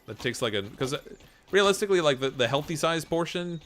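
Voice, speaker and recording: A man's voice: on the high side, brisk, slight background noise. Chuckling man with a slight Canadian accent. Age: 40s. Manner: relaxed, chuckling, filler-heavy. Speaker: game streamer. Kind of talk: casual gameplay stream chat.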